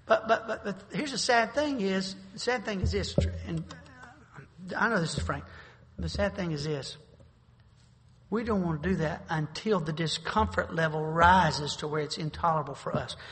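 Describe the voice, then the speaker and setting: Middle-aged man, pastor, high bright voice, folksy sermon delivery, echoing hall. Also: normal speed. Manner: folksy storytelling, with bursts of forceful preaching. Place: church sanctuary. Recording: long hall reverb.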